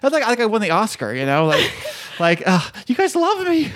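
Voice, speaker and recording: Easygoing man co-host, lively pitch. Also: normal speed. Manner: easygoing, laughs often, self-deprecating jokes. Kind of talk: casual podcast chat.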